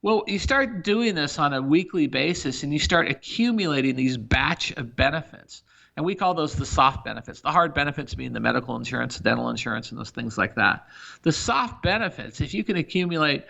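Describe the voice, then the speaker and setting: A middle-aged man speaks as a business leader in a podcast interview, his voice gravelly with a bright, forceful edge. He pushes his points with energy and stacks example after example. The audio is a bit dull and lo-fi. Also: on the high side, fairly quick. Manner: energetic, emphatic, talks through examples. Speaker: senior living company CEO, guest.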